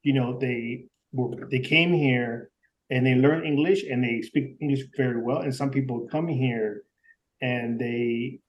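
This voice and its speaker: A man who stutters, a podcast guest speaking casually with halting restarts. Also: medium pitch, steady tone, recorded from a distance, highs cut off. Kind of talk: casual chat.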